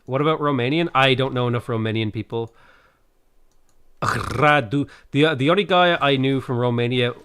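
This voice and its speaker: A male streamer with a tired voice at mid pitch, chatting loosely as he plays. He jokes around, reads chat aloud and hums little tunes between moves. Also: fast talker, few pauses, fairly bright tone, smooth. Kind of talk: casual livestream chat while gaming.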